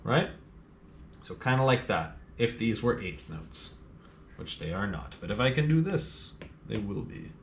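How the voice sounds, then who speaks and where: A man's voice: fairly low pitch, very animated, a little slow, slight background noise. A male piano teacher patiently explaining a scale exercise, counting beats aloud as he plays. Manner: counts beats aloud and hums rhythms while playing; patient, plain instructions to the learner. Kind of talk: step-by-step music lesson. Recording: roomy sound with piano playing.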